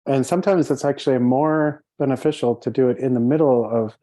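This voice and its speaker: Mellow-voiced man teaching meditation casually. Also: medium pitch, a little fast, dry recording, rough recording. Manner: conversational, laughing, many fillers. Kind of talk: casual dharma talk.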